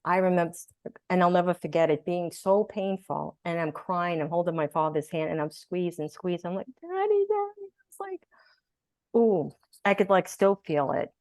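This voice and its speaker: A woman guest in an interview, telling her story in a lively way and acting out what people said. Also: fairly low pitch, fairly quick, few pauses, no room sound, studio quality. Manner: animated storyteller, acts out quotes. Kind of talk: conversational interview.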